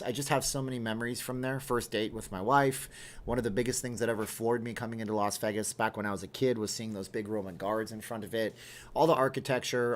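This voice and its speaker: A man in his thirties hosting a casual livestream, reading viewer comments aloud and answering them. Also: medium pitch. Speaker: livestream host.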